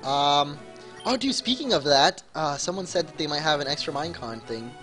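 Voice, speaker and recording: A man's voice: fairly high pitch, lively intonation, normal speed. Goofy American guy, faint game music. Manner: goofy, teasing, laughs a lot. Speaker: gaming livestream host. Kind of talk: casual joking chat over gameplay.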